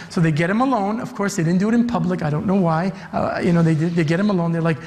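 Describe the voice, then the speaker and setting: A man, a youth director, preaching an animated sermon in a church, acting out the voices he quotes. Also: high voice, fast, hardly any pauses. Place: church sanctuary. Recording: reverberant church hall.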